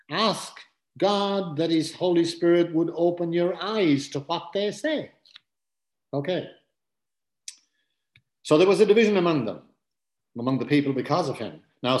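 A man teaching a Bible passage as a sermon, earnest and conversational, repeating his key points and adding asides. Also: mid-range voice. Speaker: preacher. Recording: roomy echo.

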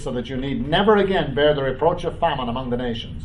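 A man's voice: medium pitch, lively intonation, distant mic, highs cut off. Man teaching scripture from afar. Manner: reads scripture aloud with comments; pauses with "uh" and "um". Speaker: preacher. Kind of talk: bible teaching.

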